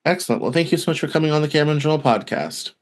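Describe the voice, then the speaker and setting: A man's voice: on the high side, expressive, rapid-fire. A man hosting a podcast, talking casually with frequent restarts and hesitations. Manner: hesitant, many restarts and fillers. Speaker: podcast host.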